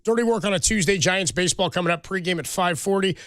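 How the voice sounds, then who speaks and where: A man co-hosting a sports radio show, telling stories in an animated, casual way with lots of restarts. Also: sits high, fast, dry recording, studio quality.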